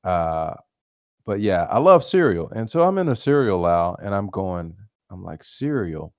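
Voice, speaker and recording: A man's voice: sits low, big pitch swings, moderate pace, no room sound, studio quality. A man hosting a podcast, telling casual stories alone, laughing often and swearing freely. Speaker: podcast host. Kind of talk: casual storytelling monologue.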